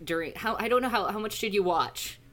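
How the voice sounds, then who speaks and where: A woman's voice: medium pitch, animated, brisk, fairly bright tone. A woman guest in casual podcast banter, chatty and swearing, with lots of fillers.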